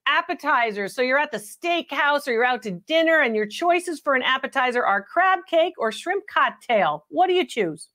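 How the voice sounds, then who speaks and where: A woman's voice: high voice, expressive, moderate pace, few pauses, pushed and bright. A woman hosting a live antiques appraisal show, chatting and teasing with callers, calling them honey and laughing often. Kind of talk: lively live-stream chat with callers.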